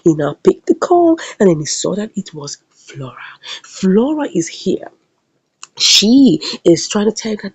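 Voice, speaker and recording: Woman, video host, casual episode recap, husky, dry close sound. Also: mid-range voice, a little slow, no echo. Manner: animated, acts out the scenes.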